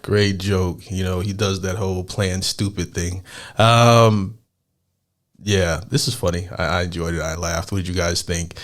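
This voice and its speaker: A man's voice: deep voice, measured pace. A man hosting a reaction video, talking casually and thoughtfully with lots of fillers. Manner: relaxed, thoughtful, frequent fillers.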